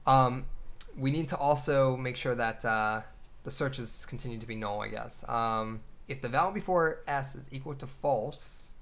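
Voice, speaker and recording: A man's voice: mid-range voice, measured pace, gravelly, fairly bright tone. A man streaming as a game developer, thinking aloud as he codes, muttering half-finished lines and cursing mildly at bugs. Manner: mutters code aloud, trailing off, mild cursing. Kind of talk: casual livestream, thinking aloud while coding.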